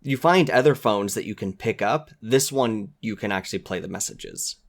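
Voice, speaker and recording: A man's voice: lowish voice, lively intonation, moderate pace. A man guesting on a podcast, talking earnestly and with enthusiasm, sometimes acting out quoted lines. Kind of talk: casual chat.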